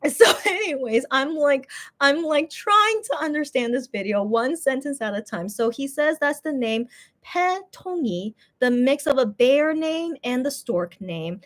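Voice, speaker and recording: A high-pitched woman talks through a video in casual reaction commentary. She rambles, restarts her sentences and often cracks up laughing. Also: a little slow. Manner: giggly, rambling, animated, many restarts; loud bursts of laughter. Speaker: fan vlogger.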